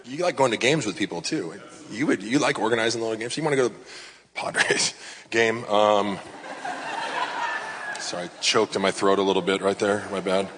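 A male pastor from Southern California gives a sermon in a casual, conversational style, full of fillers and side remarks. His voice is fairly low and fairly bright, he speaks fairly quickly, and a long reverb tail follows his words.

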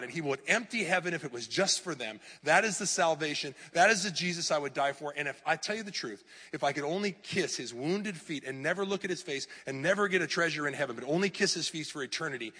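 A middle-aged male pastor preaching an animated sermon in a church, sometimes mocking clickbait headlines in a raised voice. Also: fairly high pitch, fairly quick, few pauses, slightly rough, big-room sound. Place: church hall.

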